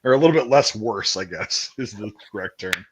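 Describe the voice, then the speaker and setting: A man in his thirties hosting a casual chat, telling army stories with lots of swearing and laughter, and acting out shouted quotes. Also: fairly low pitch, lively intonation, a little fast, slight background noise. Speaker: podcast host. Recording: dull lo-fi stream audio.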